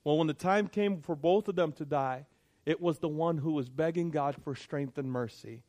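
Pastor, man, fairly high voice, emphatic sermon delivery with repeated points. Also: moderate pace, a little mellow.

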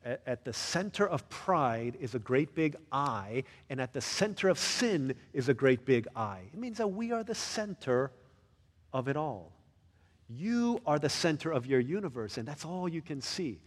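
This male pastor preaches in church with an animated, chatty style, frequently questioning the congregation. He speaks at a moderate pace in a husky, fairly high-pitched voice, and a long reverb tail trails his words.

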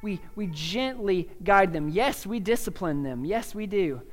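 A young man preaching a sermon as pastor, speaking earnestly and conversationally, with restarts and soft laughs. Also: high voice, expressive, measured pace, big-room sound.

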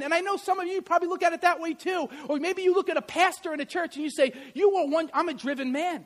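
High-voiced animated male preacher. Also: quick pace, hardly any pauses. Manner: animated storytelling, varies loudness widely. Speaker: pastor and history teacher. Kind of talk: sermon.

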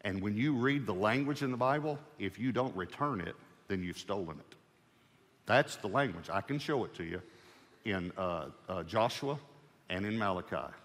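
A male preacher with a fairly low voice, telling a personal testimony from the pulpit in a lively, storytelling way. He acts out both sides of his talks with the Lord, and a long hall reverb rings after each phrase. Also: normal speed.

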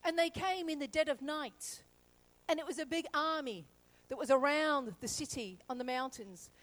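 A woman pastor preaching a sermon, telling a story lively and acting out the characters. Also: sits high, poor audio.

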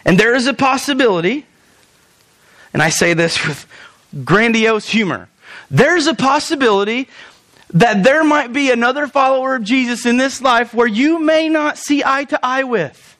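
A man's voice: extremely high pitch, moderate pace. A man preaching a sermon as pastor, joking with the congregation and acting out pleading quotes. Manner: animated, jokey, acts out pleading quotes.

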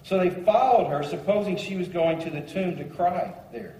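A man's voice: high-pitched, normal speed, mellow, slight background noise. A man preaching a sermon, reading scripture aloud and commenting on it with shifting emphasis. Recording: echoey hall, voice from far off.

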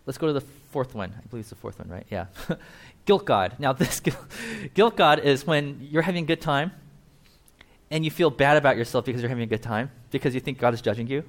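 A man's voice: mid-range voice, a little fast. A man preaching a conversational sermon, acting out quoted voices as he talks. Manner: conversational, animated, acts out quotes. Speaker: pastor.

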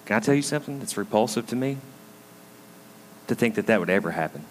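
Speaking fast but pausing often, a male pastor with a low-leaning voice and lively intonation tells a story in a conversational sermon full of asides to the congregation. He's in a school auditorium that functions as a church. Long hall reverb is present, along with slight background noise.

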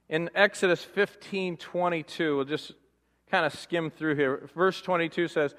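A man preaching a sermon as pastor, animated, firing off rhetorical questions and mimicking grumbling voices for laughs. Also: fairly high pitch, a little slow. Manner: animated, rhetorical questions, mock-complaining voices for comic effect. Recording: long hall reverb.

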